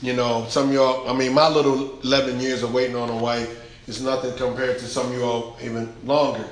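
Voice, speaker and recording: A man's voice: medium pitch, flat delivery, a little fast. A male pastor preaching a sermon, emphatic and colloquial, with lots of repetition. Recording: very echoey hall, faint noise.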